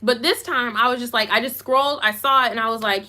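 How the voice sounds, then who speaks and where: Woman vlogger, lively commentary, bright forceful tone, slightly high, emphatic repeats. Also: fast. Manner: self-described goofy. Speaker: YouTuber. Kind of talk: live commentary reading comments.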